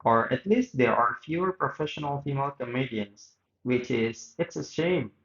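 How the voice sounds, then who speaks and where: In this read-aloud interview reenactment, a male student voices both host and guest of a radio interview, with minor slips and restarts. He speaks at normal speed with medium pitch and a fairly bright tone. The recording is reverberant and lo-fi.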